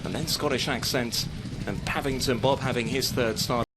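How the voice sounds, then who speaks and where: A man calls a horse race live, keeping a steady flow of commentary. His voice sits at an ordinary middle pitch for a man. Clear outdoor and vehicle noise runs underneath the recording. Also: moderate pace. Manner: steady running call of the field.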